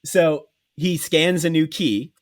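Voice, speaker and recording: A man hosting a podcast, telling a comic story in a profane, animated way and acting out the dialogue. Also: on the high side, slow. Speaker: podcast host.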